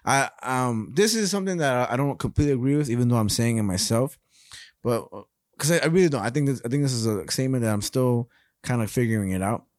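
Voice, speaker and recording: A man's voice: mid-range voice, fast, dry recording, clean studio sound. A young man co-hosting a podcast, telling rambling stories in a casual, profane way. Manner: rambling, profane, animated storytelling. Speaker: podcast co-host.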